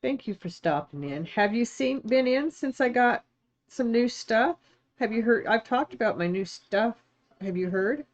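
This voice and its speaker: A woman's voice: on the high side, lively intonation, unhurried. A woman chatting casually with viewers on a live stream while crafting, thanking them and reading chat. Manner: chatty, thanks viewers warmly, gets emotional and teary. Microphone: streaming setup, not phone.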